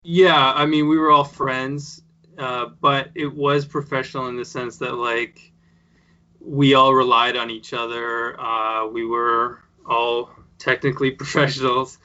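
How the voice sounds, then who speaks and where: A man in a casual interview, thinking out loud as he tells his story. His voice is bright and forceful but stays even and flat in pitch. The recording is dull and lo-fi. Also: unhurried. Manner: rambling, many fillers and restarts. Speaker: guest, show creator. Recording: dull lo-fi sound.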